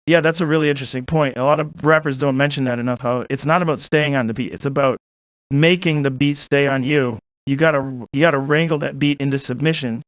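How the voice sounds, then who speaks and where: A young man doing a comic podcast parody, rambling and agreeing with himself in quick banter. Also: medium pitch, fairly even intonation, gravelly, dry recording. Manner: rambling, self-agreeing banter in two voices. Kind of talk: improvised comic podcast and freestyle rap. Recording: loud hip hop beat behind.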